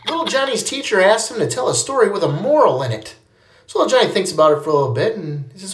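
A man's voice: fairly high pitch, big pitch swings, quick pace, a bit bright. A man telling dirty jokes, acting out the voices as a playful storyteller. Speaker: joke teller.

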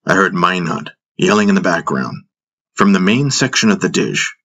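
A man narrating a fantasy audiobook in the first person, in a measured storytelling manner. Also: low-pitched, big pitch swings, fairly bright tone, dull audio.

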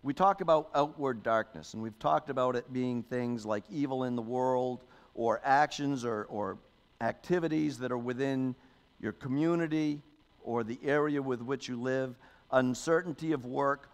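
A man's voice: mid-range voice, measured pace. A man, a pastor, giving a sermon in a conversational style, often adding "okay?" and "you know", and reading scripture aloud with emphasis.

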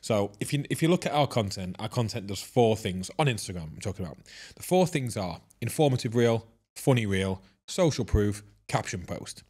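A man's voice: fairly low pitch, expressive, moderate pace, a little mellow, husky. A man co-hosting a casual podcast in a studio, with teasing, dry banter. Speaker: podcast co-host.

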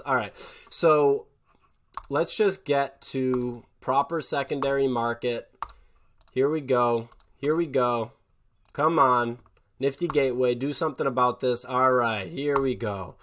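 A man talking through an online market walk-through at a mid pitch for a man. He's an excitable host who gets fired up and scolds the sellers he sees. He keeps talking while he clicks through listings. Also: unhurried, a little hiss or hum. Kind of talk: screen-share market commentary.

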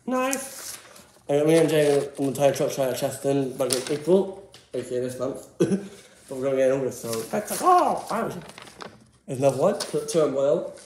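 Giggly, excitable guy in an echoey room. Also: medium pitch, moderate pace, slight background noise. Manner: excitable, giggly, jumps between topics. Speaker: vlogger. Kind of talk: casual rambling commentary.

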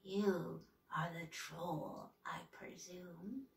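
A woman voicing a hulking, sinister woman in gray robes, with a slow, raspy, menacing whisper, in an echoey room. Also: on the low side, fairly even intonation, far from the mic, pitched below the performer's own voice, heavily acted.

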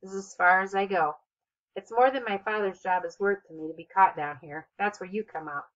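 A woman's voice: mid-range voice, fairly quick, muffled recording, natural voice. A woman voicing a polite, cheerful teenage boy in a storybook reading. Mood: calm. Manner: calm, polite.

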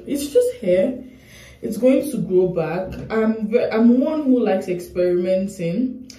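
Speaking to camera in a room at home, a young Nigerian woman vlogs casually, rambling, emotional, and addressing viewers head-on. Her voice is medium in pitch and warm, and the recording is reverberant.

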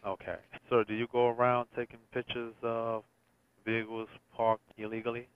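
Curt detective on a tinny phone. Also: male voice, medium pitch, completely flat delivery, normal speed, clear, resonant tone, no room sound. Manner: curt, dismissive, impatient. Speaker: police detective. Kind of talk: phone call. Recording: dry tinny phone line.

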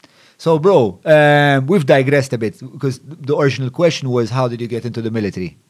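A man's voice: mid-range voice, brisk. A man from Malta hosting a podcast, chatting casually, agreeing often and swearing when retelling stories. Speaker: podcast host.

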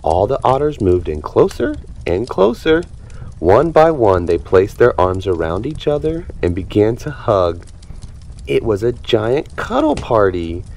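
A man reading a children's picture book aloud with expressive, animated storytelling. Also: fairly low pitch, unhurried. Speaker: storybook reader.

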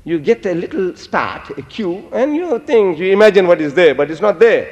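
An older man giving an animated public lecture, telling stories and quoting Arabic phrases. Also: sits high, moderate pace, big-room sound, dull audio.

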